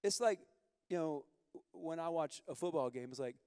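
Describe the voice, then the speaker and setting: A man preaching a sermon as pastor, candid and conversational, moving from quiet confession to loud bursts. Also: mid-range voice, big pitch swings, fairly quick, clear, resonant tone, dry recording, studio quality, long reverb tail.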